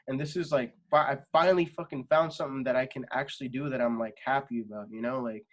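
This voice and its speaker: A young man in a relaxed interview, his voice sitting in an ordinary middle range. He rambles, leans on fillers and swears often, as if talking with a friend. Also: mid-range voice, fast, hardly any pauses. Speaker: podcast guest, singer. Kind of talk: casual interview chat.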